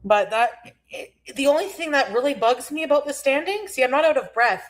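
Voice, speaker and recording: A woman in her forties chats casually on her livestream, complaining and rambling. Her voice sits a little high for a woman. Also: animated, fairly quick. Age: 40s. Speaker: streamer in a reacted clip.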